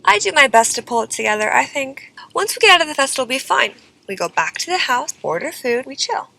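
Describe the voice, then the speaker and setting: Young woman venting her love drama, high voice all over the place, super exasperated. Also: very animated, quick pace, creaky, sharp tone, rough recording. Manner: dramatic, exasperated, lots of "like" and "okay?". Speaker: singer telling a personal story. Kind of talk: confessional storytelling vlog.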